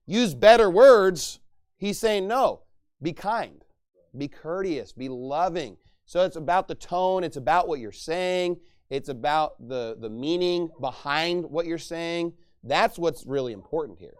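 Male preacher, slightly high voice, emphatic sermon delivery. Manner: emphatic, rising to loud bursts when acting out angry speech.

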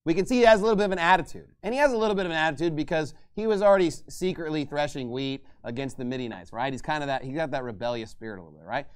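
A man teaching scripture from the pulpit in a relaxed, conversational sermon. His voice sits a little high for a man and sounds smooth and resonant. When he voices the people in the passage, he lifts his pitch and volume to dramatize them. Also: very fast, few pauses. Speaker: preacher.

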